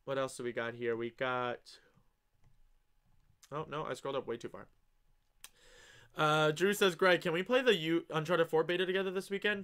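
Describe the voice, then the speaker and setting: A young man hosting a live stream, chatting casually and reading viewer comments aloud with excitable, gushing enthusiasm and the odd swear. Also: a little high, moderate pace, long pauses, clear, resonant tone.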